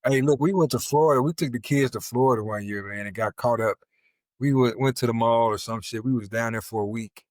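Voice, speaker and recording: A middle-aged man with an average-pitched voice chats on a podcast. He tells stories bluntly and swears a lot. The recording is dry and close. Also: a little fast, no echo. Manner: blunt, profane, storytelling. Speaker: podcast co-host. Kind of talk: casual chat.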